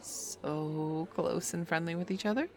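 Smug, taunting best friend, played by a young woman; low and unhurried, playful edge throughout. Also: darkish tone. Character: cocky, teasing female best friend. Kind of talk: audio role-play.

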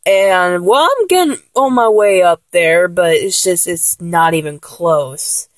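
Answering a questionnaire on her own, this 24-year-old woman chats casually in a low, mature-sounding voice, wandering off topic with giggles and jokes. Her pace is slow and there is no echo.

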